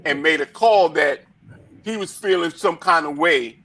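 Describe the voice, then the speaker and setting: A man co-hosting a talk show, arguing a point and telling a story in an animated way, swearing freely. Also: fairly high pitch, a little slow. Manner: animated, swearing, acts out quotes loudly. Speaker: podcast co-host. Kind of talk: heated debate, storytelling.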